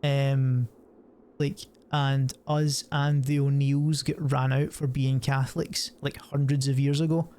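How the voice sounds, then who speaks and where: A man's voice: mid-range voice, little pitch movement, a little slow, a little mellow, a little hiss or hum. A man rambling and swearing casually while streaming a game. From Scotland. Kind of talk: casual gameplay commentary.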